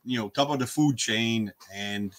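A man's voice: mid-range voice, unhurried, a bit bright. A man interviewing a guest in a casual conversation, asking plain, curious questions.

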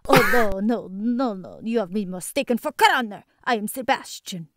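A man's voice: high-pitched, lively intonation, moderate pace, fairly bright tone. A man doing a bizarre wobbly-accented impression. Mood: theatrical. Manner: strange wobbly accent, drops into breathy whispers. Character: odd-accented voice actor parody of a British YouTuber. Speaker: hired voice actor.

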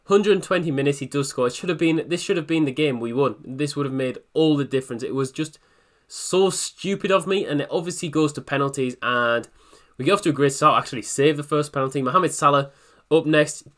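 Young male gaming host, slightly high voice, excitable, self-critical play-by-play voice-over. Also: a little fast. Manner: excitable, self-critical, frequent disbelieving outbursts. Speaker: gaming YouTuber. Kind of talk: gameplay commentary voice-over.

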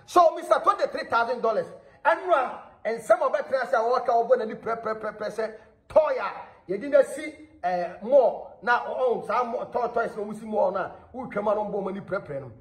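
A man from Ghana hosting a celebrity gossip channel, talking in an animated way and often laughing as he speaks. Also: very high-pitched, normal speed. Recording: echoey room.

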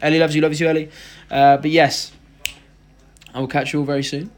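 A man's voice: fairly high pitch, little pitch movement, a little fast, faint music behind. A young man hosting a casual live stream, reading out viewer comments and joking around. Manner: chatty, reads out viewer comments, jokey.

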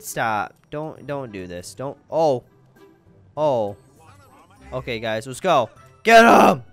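An excitable male gaming host talks over his gameplay, his voice swinging up and down as he chats to the viewers. His pitch sits in a middle range for a man. Faint music plays underneath. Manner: excitable, chatty, keeps addressing viewers as guys. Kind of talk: gameplay commentary.

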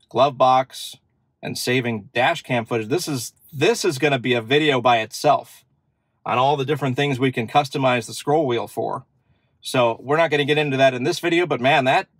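Man, casual car demo host, upbeat, fillers, mid pitch, dry close sound. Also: dry recording. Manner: chatty, upbeat, thinks aloud with fillers. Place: inside a parked car.

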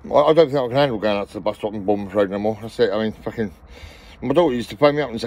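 Middle-aged man, out of breath, rapid swearing ramble, personal vlog. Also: fairly low pitch, a little mellow. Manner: rambling, swears constantly, repeats himself. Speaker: vlogger.

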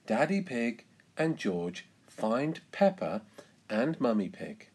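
Man, English teacher, storybook read-aloud, slow, very expressive pitch. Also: husky. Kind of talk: reading a children's storybook aloud.

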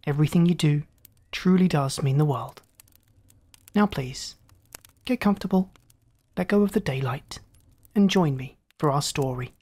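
A storyteller host giving calm, scripted narration of a science fiction tale. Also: medium pitch, normal speed, long pauses.

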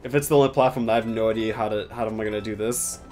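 A young man narrating his own gameplay in a loose, chatty stream, sarcastic and quick to swear. He slips into mock-dramatic asides, and faint music plays behind him. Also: lowish voice, steady tone, a little mellow. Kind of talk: casual gameplay commentary.

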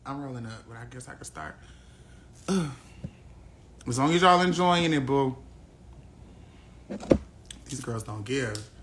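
A man from Arkansas, hosting a casual livestream chat and trash-talking brashly and profanely, with sudden loud outbursts. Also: medium pitch, expressive, unhurried, pauses often, noisy background. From Little Rock, Arkansas, USA. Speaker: livestream host. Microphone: phone.

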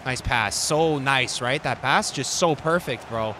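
A young man streaming a football video game, swearing and ranting, with his voice swinging from low mutters to angry shouts. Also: measured pace, slight background noise. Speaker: gaming streamer. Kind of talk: raging gameplay commentary.

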